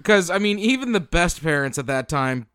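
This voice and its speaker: A man co-hosting a movie-review podcast, trading dry, deadpan jokes. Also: a little high, normal speed. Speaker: podcast co-host. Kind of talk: casual movie-review chat.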